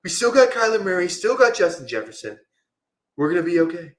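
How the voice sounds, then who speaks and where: A man's voice: high-pitched, very animated, fairly quick, reverberant, pitched above the performer's own voice. A man doing a brash, boastful older politician. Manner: exaggerated boastful cadence, superlatives.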